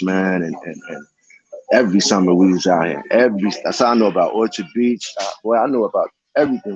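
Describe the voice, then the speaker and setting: A man's voice: a little mellow, lo-fi sound. A man talking in a casual vlog monologue, rambling in slangy street talk with many restarts. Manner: sing-song high calls of a greeting catchphrase. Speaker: vlogger.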